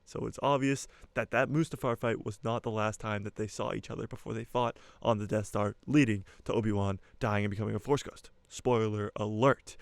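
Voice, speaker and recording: A young man hosting his own channel, giving casual, jokey fan commentary in an excitable way. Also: on the low side, gravelly, no room sound. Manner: excitable, jokey, speeds up and slows down. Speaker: YouTuber host.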